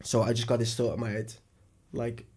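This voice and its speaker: A young man rambles through a comic story on a podcast, acting out what people said. His pitch sits in the middle for a man, and he talks in a loose, jokey, chatty way. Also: flat delivery, brisk, a little mellow, slightly rough. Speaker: podcast co-host. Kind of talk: casual chat.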